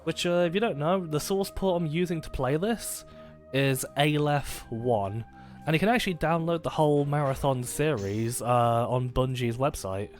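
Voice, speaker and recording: A man's voice: fairly high pitch, moderate pace, faint music behind. A man chatting casually while live-streaming a game, rambling and joking at his own expense, with many fillers and restarts.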